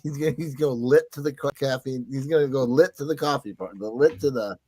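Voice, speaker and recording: A man's voice: medium pitch, fast, a little mellow, breathy edge, dry recording. A man co-hosting a casual comedy podcast, jokey and playful. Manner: jokey, playful, prone to bursts of silly voices. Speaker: podcast co-host.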